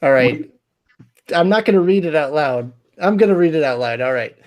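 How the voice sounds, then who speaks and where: A man's voice: a little high, animated, fairly quick. A man with a slightly raised voice chats casually on a livestream. He teases the others and reads viewer comments aloud in an easygoing way. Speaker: livestream co-host. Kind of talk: casual chat.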